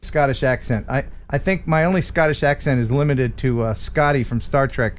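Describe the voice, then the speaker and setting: A man's voice: mid-range voice, normal speed, slight background noise. A man hosting a livestream, bantering and joking with his guests. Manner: jokey, playful banter. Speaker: livestream host. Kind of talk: casual chat.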